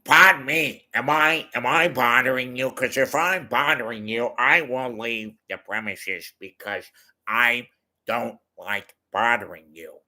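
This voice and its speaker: A man's voice: medium pitch, a little slow, bright, forceful tone, voice pushed up. A man putting on the voice of a rumpled older male TV detective, hesitant and overly polite. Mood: apologetic.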